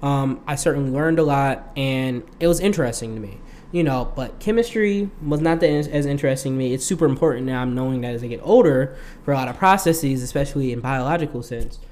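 A man's voice: mid-range voice, fast talker, a little mellow, a little hiss or hum. A young man hosting his own podcast, talking casually in a rambling way and laughing often. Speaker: podcast host. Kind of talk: casual solo podcast monologue.

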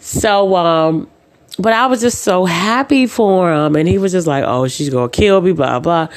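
Speaking a little slowly in a lowish voice, a woman recounts personal stories on her own podcast in a relaxed, chatty way. She acts out the dialogue of her conversations, and "um" and "uh" come up often.

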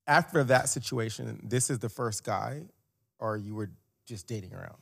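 A woman hosting an interview, asking probing questions in a measured way and affirming often. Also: rumbling low, gravelly, husky. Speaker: host.

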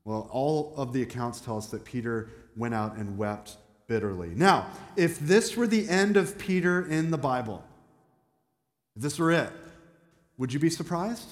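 A man's voice: mid-range voice, expressive, moderate pace. Man preaching in an echoey hall. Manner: conversational preaching, asks the congregation questions. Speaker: pastor. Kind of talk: sermon. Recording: echoey hall with long reverb.

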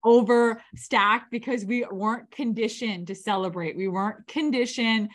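A woman's voice: a little high, normal speed. A woman podcast host who affirms her guest and sums up the conversation. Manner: warm praise, affirming. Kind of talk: podcast interview.

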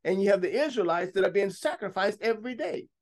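A man's voice: expressive, quick pace. A man preaching a sermon, reading scripture aloud and breaking off to comment and stress his points. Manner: bursts to high, loud emphasis at times.

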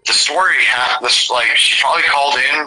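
A man's voice: mid-range voice, fairly quick, a little hiss or hum, low-quality recording. A young man from the Seattle area telling rambling, profanity-laced stories in casual chat. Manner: profane, rambling, animated storyteller.

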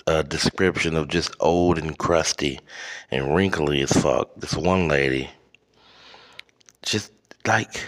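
A man hosting a podcast, delivering a rambling, profane comedic rant with halting restarts. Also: a bass voice. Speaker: podcast host.

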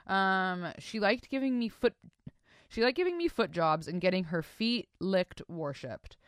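A woman's voice: medium pitch, lively intonation, measured pace, smooth, no echo, studio quality. A woman hosting a podcast in casual chat, reading listener stories aloud and reacting to them with crude, profane, mock-disgusted humor. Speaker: podcast host.

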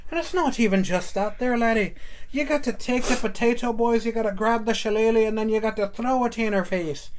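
A man's voice: very high voice, brisk, a little hiss or hum, pitched above the performer's own voice. A man putting on a crude, swaggering mock Irish brogue as a boisterous barroom character. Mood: rowdy.

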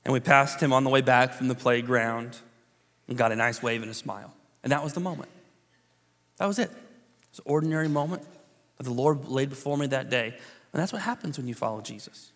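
A man in his thirties, a pastor telling a personal story in a relaxed, conversational sermon with many fillers and restarts. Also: mid-range voice, a little fast. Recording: long hall reverb.

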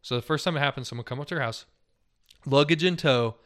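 With a mid-range, slightly bright voice, this podcast co-host talks fast. He's a young man recounting news stories loosely and chattily, sprinkling in plenty of "like" and "dude" and laughing often.

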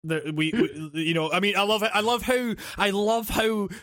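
High-voiced young man, dry and rambling. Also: steady tone, moderate pace, a bit bright, no room sound. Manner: rambling, profane, laughs often. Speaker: podcast co-host. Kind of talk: casual chat.

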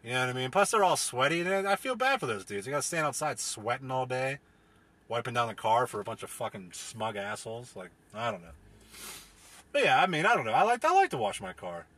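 Husky, forceful man rambling. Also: mid-range voice, sing-song, a little fast. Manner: rambling, profane, joking. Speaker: podcast host. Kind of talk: casual solo podcast rant. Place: inside his car.

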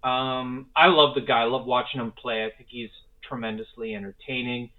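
A man's voice: mid-range voice, steady tone, moderate pace. Enthusiastic man on a tinny line. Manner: enthusiastic, rambling, swears casually. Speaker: podcast co-host. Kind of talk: casual sports chat. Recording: phone-like narrow sound.

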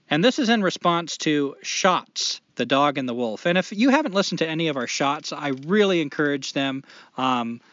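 A man co-hosting a podcast in casual chat, profane and animated, rambling through his points. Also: fairly high pitch, normal speed, no room sound. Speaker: podcast co-host. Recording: dull lo-fi podcast audio.

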